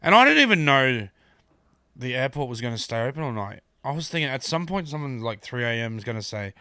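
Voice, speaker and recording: A comedian with an Australian accent, telling stories in a rambling, casual podcast chat. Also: male voice, mid-range voice, big pitch swings, a little fast, pushed and bright, dry recording, clean studio sound. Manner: rambling storyteller, trailing asides. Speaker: comedian guest.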